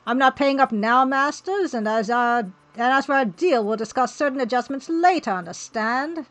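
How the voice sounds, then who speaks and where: A woman's voice: high-pitched, normal speed, a bit bright. A woman reading the lines of a blustering, commanding rich older father who is used to getting his way.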